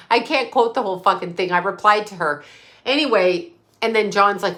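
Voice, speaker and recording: Blunt, bright-voiced woman ranting on a live stream. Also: medium pitch, lively intonation, moderate pace. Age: middle-aged. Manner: blunt, profane, sarcastic, mocking. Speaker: psychic medium live streamer. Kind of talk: unscripted live stream rant.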